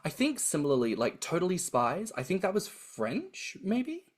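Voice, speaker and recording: A man's voice: high-pitched, huge pitch swings, moderate pace. Aussie guy co-hosting, chatty, voice bounces all over. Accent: Australian. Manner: chatty, affectionate, trying out phrases. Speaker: podcast co-host. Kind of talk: casual chat.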